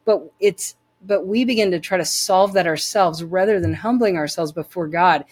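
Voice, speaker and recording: A woman's voice: lowish voice, moderate pace, a little mellow, breathy edge. A woman as an interview guest, telling her personal faith testimony in an earnest, emphatic way, repeating phrases for weight.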